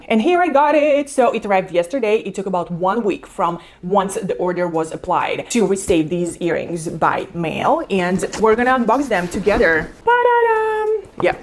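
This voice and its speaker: A woman vlogger chatting casually and excitedly as she unboxes and reviews a birthday gift. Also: fairly low pitch, slight background noise. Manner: excited, gushing.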